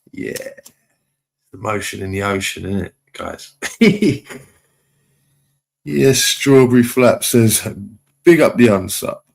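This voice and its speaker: A man hosting a live stream, his voice sitting low with a gravelly, creaky edge. He chats loosely, reads out comments from viewers and tosses off easygoing shout-outs. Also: slow pace, long pauses. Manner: relaxed, chatty shout-outs to viewers with chuckles. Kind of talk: casual live-stream chat, reading out comments.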